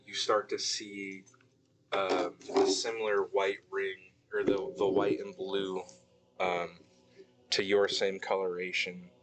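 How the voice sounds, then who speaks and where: A man's voice: lowish voice, fairly bright tone, slight background noise, rough recording. A man narrating a tabletop game as game master, hesitant and full of ums and restarts.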